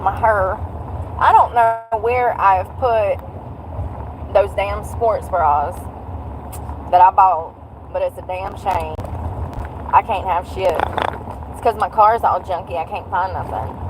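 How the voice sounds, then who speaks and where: A woman's voice: medium pitch, takes it slowly, pauses often, noisy background. A woman, chatting bluntly and jokingly to a livestream from her car. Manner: blunt, joking and animated, with frequent laughs. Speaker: livestream vlogger. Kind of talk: casual chat to a livestream.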